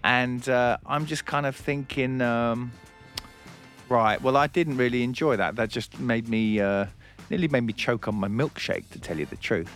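A man's voice: medium pitch, moderate pace, faint music behind. A man hosting a comedy radio show, telling an anecdote in bantering chat with frequent laughter. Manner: animated storytelling, frequent laughs.

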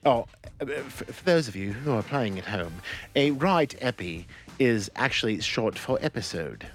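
A man's voice: mid-range voice, animated, normal speed, soft background music. An American man hosting a radio show in a studio, talking casually and animatedly with lots of laughs and restarts. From United States. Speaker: radio host. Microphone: studio microphone.

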